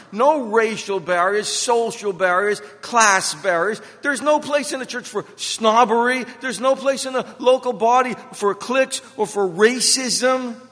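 With an extremely high-pitched, bright and forceful voice, a middle-aged male pastor delivers his sermon. Emphatic repetition and personal stories carry his points, and the recording has a hall's long reverb.

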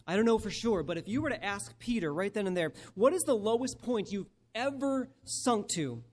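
A male preacher giving a sermon and reading scripture aloud, emphatic and slowing down to stress key phrases. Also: high-pitched, animated, slight background noise.

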